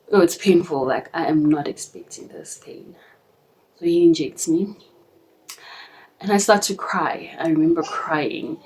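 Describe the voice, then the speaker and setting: A young woman talks straight to camera, slipping into a hushed, almost whispered tone at the hardest moments. Her voice sits a little low, and her telling is earnest and emotional, full of fillers and small nervous laughs. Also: poor audio. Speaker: vlogger. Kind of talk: personal storytelling.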